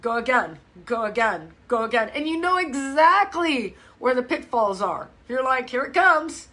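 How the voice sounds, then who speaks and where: A woman's voice: fairly high pitch, moderate pace. A middle-aged woman fitness coach chatting casually to viewers on a live stream from her phone. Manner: chatty, animated, talks straight to viewers.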